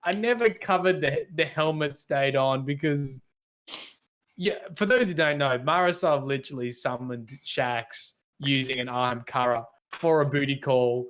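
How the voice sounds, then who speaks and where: A man's voice: mid-range voice, measured pace, a bit bright. A man with an Australian accent co-hosting a casual gaming podcast, rambling with lots of restarts and fillers. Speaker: podcast co-host.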